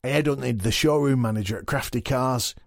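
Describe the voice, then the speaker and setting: An actor playing a dim, boastful male wrestling champion, delivered deadpan. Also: mid-range voice, brisk, creaky, no echo, studio quality, natural voice. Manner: deadpan, proud and clueless. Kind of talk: scripted comedy podcast.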